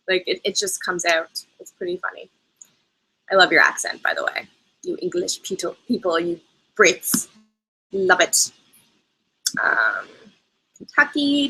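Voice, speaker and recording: A bubbly woman chatting live with her viewers about travel. Her voice is bright and forward, and she laughs often between her easy, casual answers. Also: mid-range voice, poor audio. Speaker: travel vlogger host. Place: lives in Canada.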